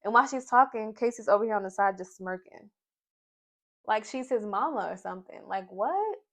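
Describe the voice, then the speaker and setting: A young woman, from Tennessee, casually recapping a reality show in an animated, storytelling way. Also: mid-range voice, moderate pace. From Nashville, Tennessee. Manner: animated storytelling, acting out the cast's quotes.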